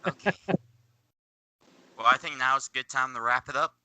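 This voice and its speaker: A man's voice: medium pitch, normal speed, sharp tone, a little hiss or hum, poor audio. A man narrating and running a tabletop role-playing game, joking and playful with his players. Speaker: game master.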